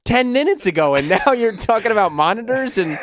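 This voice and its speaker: A man's voice: sits high, animated, no room sound. A man hosting a radio talk show, joking and riffing on his guest's story in a casual studio chat. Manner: quick joking reactions, riffs on the guest's story.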